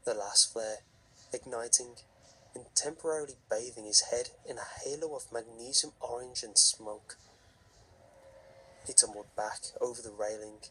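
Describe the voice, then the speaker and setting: A man reading a horror story aloud in a slow, measured, hushed narration with a husky voice. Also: mid-range voice, fairly even intonation, slight background noise, low-quality recording.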